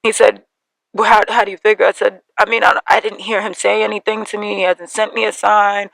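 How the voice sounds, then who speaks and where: A young woman hosting a podcast, telling a personal story in an animated way and acting out the voices of her family. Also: medium pitch, fairly quick, creaky, no echo, poor audio. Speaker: podcast host.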